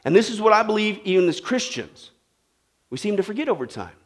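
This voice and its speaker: A man preaching a sermon to a congregation, animated and asking them questions. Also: high-pitched, brisk. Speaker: pastor. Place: church with a live congregation.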